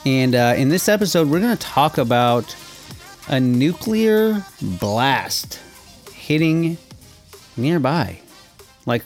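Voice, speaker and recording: A man's voice: medium pitch, sing-song, takes it slowly, pauses often, faint music behind. A man co-hosting a podcast in casual chat, rambling, laughing often and swearing freely. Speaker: podcast co-host.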